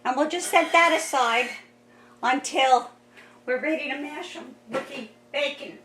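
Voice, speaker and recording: A woman's voice: high voice, a little slow, sharp tone. A woman hosting a home cooking video, talking in a chatty, cheerful way and laughing often as she cooks. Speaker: cooking vlog host. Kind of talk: casual cooking demonstration. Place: home kitchen. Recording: roomy kitchen sound from a distant mic.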